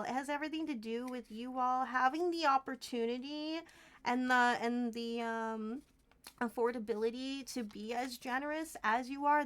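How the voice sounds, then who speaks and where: High-voiced giggly woman streamer. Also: a bit bright. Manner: chatty, giggly and effusively grateful. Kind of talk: casual livestream chat while crafting. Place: tiny warm room at home.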